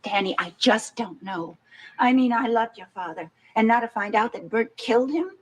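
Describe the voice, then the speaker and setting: A woman's voice: on the high side, normal speed, close to an everyday voice, poor audio. An actress playing a wry, rambling mother. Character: bewildered middle-aged mother, wry.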